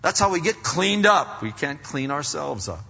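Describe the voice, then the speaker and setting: A man's voice: a little high, very animated, normal speed, creaky, bright, forceful tone, husky. A man preaching an earnest sermon, often restarting his sentences and acting out inner voices. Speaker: pastor. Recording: dull lo-fi sound with long hall reverb.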